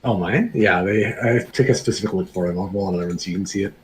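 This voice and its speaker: A man chatting casually as a player in a tabletop game, quick and laughing easily. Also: low voice. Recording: crowd noise behind.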